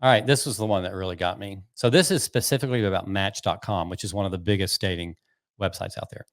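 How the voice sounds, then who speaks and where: A man's voice: sits low, quick pace. A man co-hosting a casual podcast with his partner, playfully quizzing him with trivia questions. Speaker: podcast co-host. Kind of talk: casual chat.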